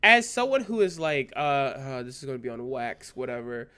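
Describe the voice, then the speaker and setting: A woman co-hosting a podcast, chatting casually in an animated, joking way and swearing freely. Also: a bass voice, normal speed, clean tone. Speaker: podcast co-host. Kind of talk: casual chat. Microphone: podcast microphone.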